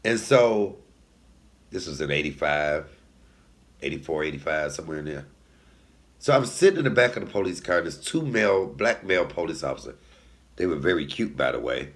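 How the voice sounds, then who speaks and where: With a very deep voice, this man in his forties delivers a personal comedic story at a brisk clip, pausing often. Sassy and animated, he addresses viewers head-on, laughs at his own material, and shifts from whispered asides to loud outbursts.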